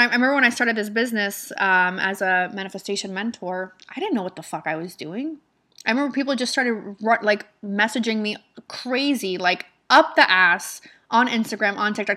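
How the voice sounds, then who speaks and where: A woman's voice: medium pitch, pushed and bright. A woman manifestation mentor giving an emphatic motivational talk, swearing casually and repeating her points. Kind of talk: motivational monologue.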